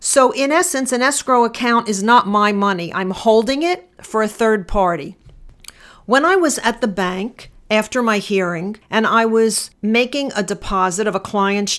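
A middle-aged woman attorney telling a personal story and reflecting on it in a measured, deliberate way. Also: mid-range voice, a bit bright. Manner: measured, deliberate, slowing for emphasis.

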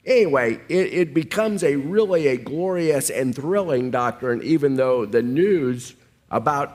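A man's voice: medium pitch, expressive, unhurried, a little mellow. A man, a pastor in a sermon discussion, speaking with enthusiasm and casual everyday examples.

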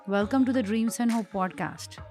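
Calm woman. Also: fairly high pitch, normal speed, soft background music. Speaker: podcast co-host. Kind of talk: casual chat.

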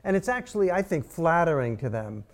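A man's voice: on the high side, sing-song, a little fast, gravelly. A man co-hosting and teaching comedy, chiming in eagerly in casual chat. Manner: eager, chimes in with restarts and prompts.

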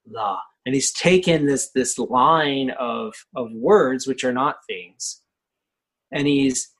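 A male professor lecturing on how poems are built, speaking slowly and with care. His voice is husky and a little rough, and he keeps asking "right?" as he goes. The delivery is relaxed and conversational, with plenty of pauses and fillers. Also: mid-range voice, low-quality recording. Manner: thoughtful, often checks in with "right?", many fillers. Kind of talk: lecture on poetry craft.

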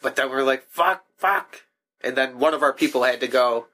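A man's voice: mid-range voice, level tone, fast, a bit bright. A young man co-hosting a casual chat, laid-back and profane as he complains about games. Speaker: podcast co-host.

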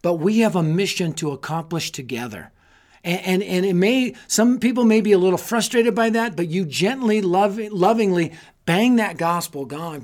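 A man giving an energetic, sermon-style talk to youth leaders, telling stories and rallying them with repeated calls. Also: on the high side. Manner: energetic storytelling with repetition; exhorting, rallying listeners. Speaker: youth ministry speaker.

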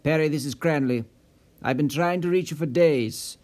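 A man's voice: fairly high pitch, moderate pace, close to an everyday voice. A man putting on a brusque, demanding caller. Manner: forceful, insistent.

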